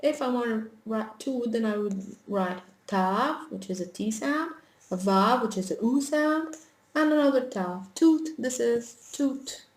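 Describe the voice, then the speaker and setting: Slow, patient woman teaching at a board. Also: on the high side, expressive. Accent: Arabic. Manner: patient, talks while writing, small self-corrections. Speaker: language teacher. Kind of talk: slow whiteboard alphabet lesson. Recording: echoey room with faint noise.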